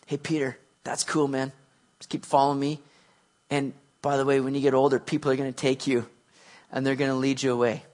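A preacher voicing a calm, gentle teacher. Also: male voice, a little fast, close to an everyday voice. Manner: calm, casual, low-key.

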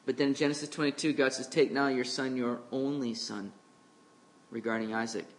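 A man preaching an expository sermon in a conversational way, slowing down to read scripture and acting out the voices of the people he quotes. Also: mid-range voice, fairly even intonation. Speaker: pastor.

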